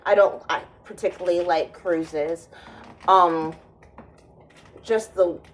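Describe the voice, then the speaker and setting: A woman's voice: lowish voice, takes it slowly, low-quality recording. A woman vlogger in a casual monologue, rambling and sardonic, often restarting her sentences.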